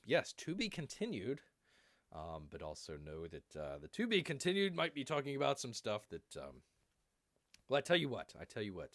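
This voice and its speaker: A man's voice: medium pitch, dry recording, studio quality. Rambling man chatting live as "Bear". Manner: rambling, calls himself Bear in the third person, jokey asides. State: voice wearing out. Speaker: live stream host. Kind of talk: rambling live-stream chat.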